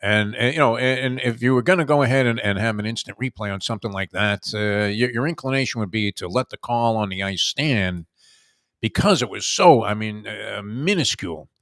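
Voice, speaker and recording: Low-voiced man with a halting, animated delivery. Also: no room sound, clean studio sound. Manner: halting, many "uh" fillers, animated bursts. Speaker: sports talk host. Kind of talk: casual sports talk.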